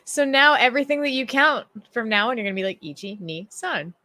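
A woman's voice: high voice, fast, sharp tone, no echo. A woman co-hosting a podcast, playful and teasing in casual chat. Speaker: podcast co-host.

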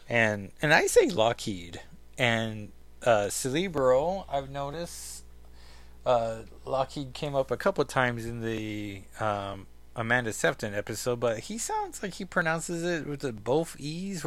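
A man's voice: medium pitch, a bit bright. A man hosting a podcast, chatting casually and second-guessing himself while commenting on a comic book. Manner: chatty, self-questioning, with fillers. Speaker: podcast host.

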